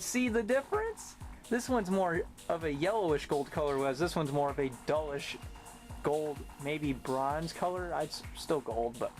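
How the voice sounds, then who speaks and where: A man's voice: high-pitched, lively intonation, moderate pace, faint music behind. Talkative man rambling through a toy review. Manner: talkative, rambling, sarcastic asides. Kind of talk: casual review vlog.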